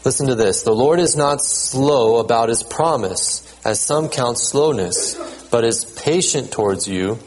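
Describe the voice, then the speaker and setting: Male pastor, relaxed sermon delivery, halting repeats, measured scripture reading. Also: medium pitch, a little hiss or hum, low-quality recording. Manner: conversational, repeats words, checks in with "okay?"; reads scripture aloud in a measured cadence.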